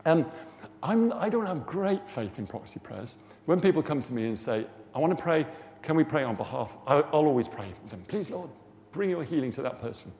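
A man's voice: fairly high pitch, very animated, fairly quick, a little mellow. A man giving an informal sermon on healing prayer, chatty and storytelling, rising to fervent emphasis. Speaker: preacher teaching on healing prayer. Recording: long hall reverb, faint background noise.

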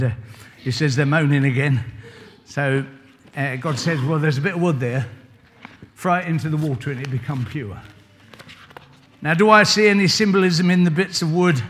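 An older man preaching an informal sermon, telling a Bible story in a chatty way and asking the congregation questions. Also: a little high. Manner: chatty, asks the congregation questions, varies loudness a lot. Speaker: church leader.

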